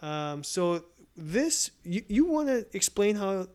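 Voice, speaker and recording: A man's voice: high voice, sing-song, slow pace, a little mellow. A man co-hosting a podcast in casual chat, teasing and joking with his partner. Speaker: podcast co-host.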